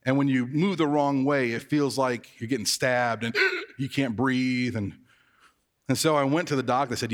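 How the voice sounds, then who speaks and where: A man's voice: medium pitch, steady tone, a little fast, in a large hall. A man preaching as a pastor, telling stories in a conversational, self-mocking way. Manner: conversational, self-deprecating storytelling. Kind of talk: sermon.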